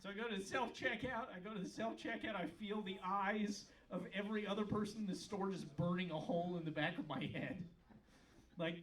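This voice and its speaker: A man doing a stand-up comedy set on a club stage, riffing sarcastically with sudden loud outbursts. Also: high voice, brisk, slight background noise. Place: comedy club stage before a laughing crowd. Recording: live club recording, crowd laughter, from far off.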